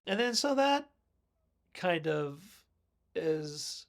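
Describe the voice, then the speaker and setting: A man talks through a movie recap in a loose, rambling way, often stopping to correct himself. His voice sits a little high for a man and has a gravelly edge. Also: animated, slow, pauses often. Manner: rambling, self-correcting, with chuckles. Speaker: movie reviewer. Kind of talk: casual film review.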